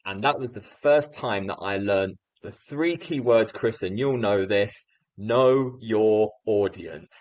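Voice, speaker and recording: Deep-voiced man telling a lively story. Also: unhurried, hardly any pauses, dry recording, low-quality recording. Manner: animated anecdotal storytelling, lively voice swings. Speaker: guest speaker. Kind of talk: storytelling in a podcast interview.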